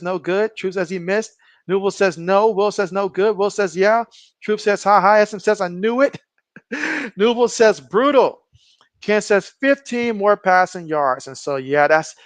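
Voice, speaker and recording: Male streamer host, high-pitched, dry mic, casual play-by-play and chat reading. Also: dry recording. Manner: reads viewer comments aloud, excitable on big plays.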